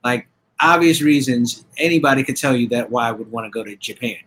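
A man's voice: mid-range voice, fairly quick, a bit bright. A man co-hosting a podcast in casual chat, rambling with many fillers and restarts. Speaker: podcast co-host.

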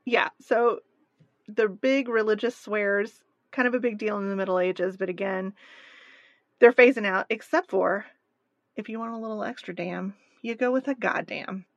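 A woman's voice: mid-range voice, steady tone, normal speed, no room sound, dull audio. Wry woman co-host, dry close sound. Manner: wry, reads from notes, dry jokes. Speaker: podcast co-host. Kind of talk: casual chat.

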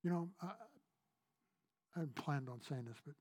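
Earnest pastor preaching, mellow husky voice. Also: male voice, on the high side, moderate pace. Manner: earnest, repetitive, shifts between raised emphasis and soft near-whisper. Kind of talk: sermon.

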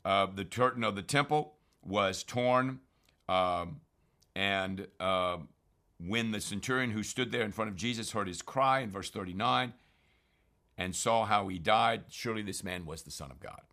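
Emphatic man with a bright, forceful voice. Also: lowish voice, unhurried. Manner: earnest, emphatic, with frequent fillers and restarts. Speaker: Bible teacher. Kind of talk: informal scripture commentary.

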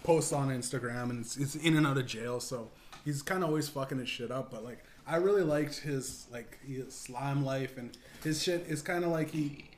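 A man's voice: mid-range voice, normal speed. A man hosting a podcast in casual, rambling chat, swearing and laughing often. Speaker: podcast host. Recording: echoey room, faint background noise.

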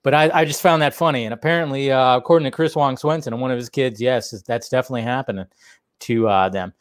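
A man's voice: medium pitch, fast, smooth, dry recording, clean studio sound. A man hosting a casual live stream, rambling and chatty, with lots of fillers and restarts.

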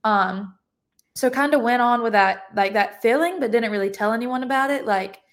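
A young adult woman with a fairly high voice recounts her testimony on a podcast at a normal speed. She's casual and chatty, leaning heavily on the word "like."

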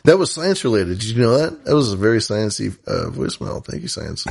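A man with a low, gravelly voice hosts a podcast in loose, casual chat. He rambles playfully and restarts his sentences often. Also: sing-song, brisk, a little mellow. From US West Coast. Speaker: podcast host.

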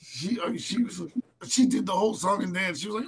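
A man hosting a radio show, chatting casually and telling a story in an animated, joking way. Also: high-pitched, fast, a crowd in the background. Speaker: radio host.

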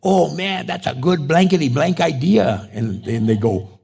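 A man's voice: fairly high pitch, unhurried, gravelly, breathy edge. A middle-aged male pastor preaching a storytelling sermon, acting out conversations in quoted voices. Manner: animated, acts out dialogue in quoted voices.

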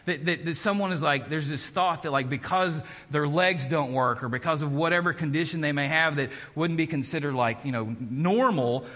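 A man's voice: a little high, moderate pace, few pauses, fairly bright tone, long reverb tail. A man preaching a conversational sermon, joking at his own expense and restarting his sentences often. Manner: conversational and self-deprecating, with many restarts. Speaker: pastor.

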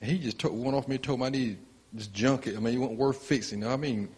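A man's voice: mid-range voice, fast talker, a little mellow, breathy edge. A man sharing a personal story in church, rambling with many fillers. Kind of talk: casual testimony.

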